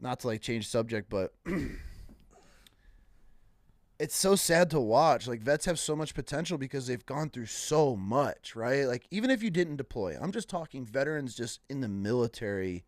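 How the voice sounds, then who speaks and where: A man in relaxed casual chat, speaking loosely with fillers and curse words. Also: mid-range voice, normal speed, hardly any pauses, dry recording, clean studio sound. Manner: relaxed, profane, filler-heavy talk.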